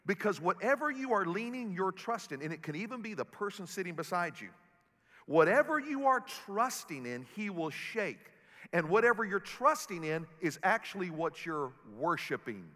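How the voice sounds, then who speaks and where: A pastor preaches with a bright, forceful voice that sits high for a man. He tells stories with humor, and his words ring out through a large auditorium with a long reverb. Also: moderate pace. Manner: animated storytelling preacher with humor. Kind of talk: sermon.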